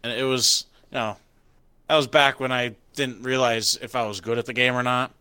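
A young man hosting a podcast, laid-back and profane, talking in a halting, casual way. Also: mid-range voice, fairly even intonation, sharp tone, clean tone, no room sound. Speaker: podcast host and streamer.

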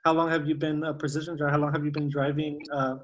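A man's voice: a little high, level tone, fast talker, a bit bright, dull audio. A man interviewing a guest in a casual, friendly and encouraging way, asking short questions.

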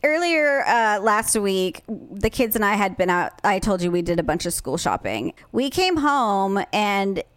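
A woman's voice: mid-range voice, measured pace, hardly any pauses, smooth, no echo. A woman co-hosting a casual chat, telling stories and acting out her family's voices. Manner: animated storyteller, acts out voices of family. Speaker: podcast co-host.

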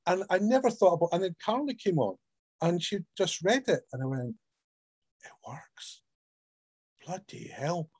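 A man's voice: high voice, a little fast, no echo. A middle-aged man from Scotland with a Scottish accent, an author chatting animatedly in an interview. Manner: animated storyteller, acts out quoted voices. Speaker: author guest. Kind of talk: casual interview chat.

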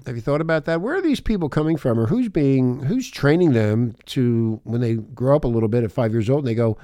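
A man's voice: medium pitch, expressive, a little fast, few pauses, dark tone, dry recording, studio quality. A man hosting a shock talk radio show, ranting in a crude, rambling, mocking way with lots of swearing.

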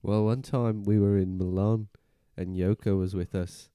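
A goofy rock band member, played by a man in an improvised comedy sketch. His voice is lowish and mellow, and he talks with earnest, playful comedy. The sound is close and dry. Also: flat delivery, measured pace, smooth, no room sound, natural voice. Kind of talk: improvised comedy role-play.

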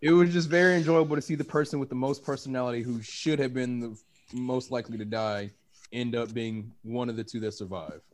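A man on a casual movie podcast, talking excitably and breaking into laughter as he reacts. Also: medium pitch, brisk. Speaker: podcast panelist.

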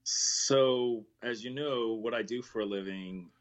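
A man's voice: medium pitch, slow, lo-fi sound, over a noisy crowd. A male co-host in casual talk show chat, laid-back and easygoing, on a remote line.

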